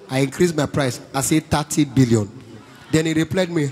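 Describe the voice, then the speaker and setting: A Nigerian comedian telling stories on a church stage, slipping into Pidgin and mimicking people. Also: male voice, a little high, moderate pace, darkish tone. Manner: storytelling, Pidgin asides, mimicking others. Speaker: stand-up comedian. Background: keyboard music.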